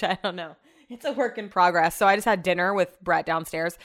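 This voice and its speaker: A woman's voice: lowish voice, brisk, a bit bright. A young woman hosting her own podcast, telling rambling, self-deprecating stories in a casual chat. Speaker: podcast host. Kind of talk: casual solo podcast monologue.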